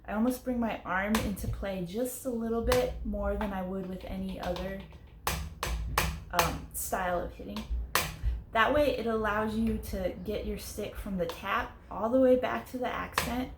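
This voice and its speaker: Young female drum teacher, clear and methodical, counts beats aloud; echoey room. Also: mid-range voice, steady tone, moderate pace, noisy background. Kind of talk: casual instructional explanation. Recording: echoey room with faint ambience.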